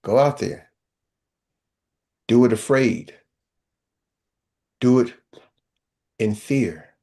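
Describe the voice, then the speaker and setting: A man's voice: mid-range voice, drawn-out words, mellow. An older man coaching salespeople with punchy, chant-like, repeated exhortations. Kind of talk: motivational coaching talk.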